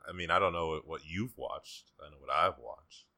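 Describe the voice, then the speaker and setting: A man's voice: rumbling low, normal speed, vocal fry, pushed and bright, dry recording. A man co-hosting a podcast, chatting casually with teasing wisecracks. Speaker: podcast co-host. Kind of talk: casual chat.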